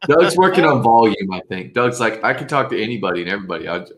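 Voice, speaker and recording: A man's voice: fairly low pitch, big pitch swings, fast talker, crowd noise. A man co-hosting a podcast, laid-back and laughing along in casual chat. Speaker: podcast co-host.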